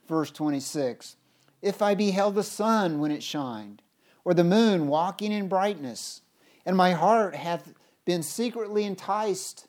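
A preacher giving a sermon, reading scripture aloud emphatically with big swings in pitch and loudness, often restarting words. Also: animated, unhurried. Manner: stumbles and restarts words mid-phrase.

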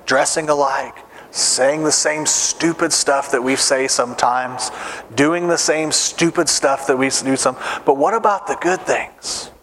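A man's voice: medium pitch, a little slow, a bit bright, slight background noise. A middle-aged man preaching a sermon to fathers, earnestly putting direct questions to his listeners. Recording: long reverb of a large hall.

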